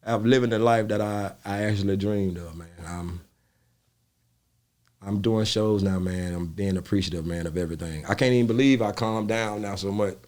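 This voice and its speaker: Middle-aged comedian guy, lowish voice, chill and cussing a lot while he tells his stories. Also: moderate pace. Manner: animated, profane storytelling that jumps into loud high quoted voices. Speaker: comedian interviewee. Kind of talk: casual storytelling interview.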